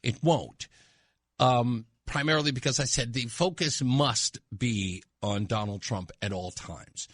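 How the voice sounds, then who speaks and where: A man's voice: mid-range voice, measured pace, a bit bright, no room sound. A male talk radio host giving a sarcastic, mocking monologue in a studio. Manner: sarcastic, mocking, laughs at own jokes.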